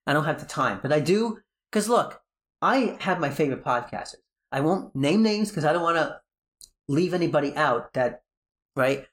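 A man's voice: a little high, animated, moderate pace. A podcast host with a New York accent, chatting casually, rambling and joking as he keeps correcting himself. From New Jersey, US.

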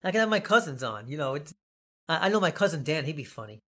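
A man's voice: a little high, sing-song, fast, a bit bright. A man with a Long Island New York accent hosting a casual podcast, rambling and jokey. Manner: rambling, jokey, laughs often. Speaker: podcast host.

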